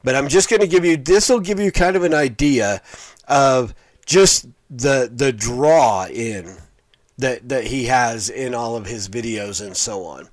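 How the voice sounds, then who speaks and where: A man's voice: mid-range voice, measured pace. Rambling middle-aged male commentator. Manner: rambling, full of fillers and restarts. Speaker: online commentator on preachers. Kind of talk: casual video commentary.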